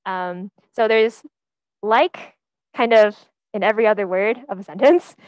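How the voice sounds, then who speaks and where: A young woman gives a relaxed class presentation, friendly and chatty, stopping for "um"s and small laughs. Her voice sits in a middle range and sounds dry and close. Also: medium pitch, moderate pace, no room sound, highs cut off. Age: young adult. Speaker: teaching fellow presenting.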